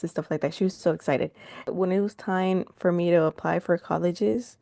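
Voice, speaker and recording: A woman's voice: low-pitched, warm tone, dry recording, studio quality. A young woman co-hosting a podcast, telling a story in a rambling way with fillers and laughs. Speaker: podcast co-host. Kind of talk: casual chat.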